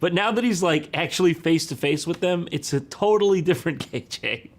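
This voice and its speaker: A man's voice: fairly high pitch, brisk. A man giving sarcastic, mocking comedic commentary on a reality dating show.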